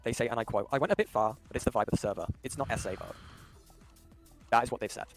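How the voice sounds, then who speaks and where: Rapid-fire male mediator on a call. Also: mid-range voice, faint music behind. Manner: lecturing, calm, explains at length. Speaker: call moderator.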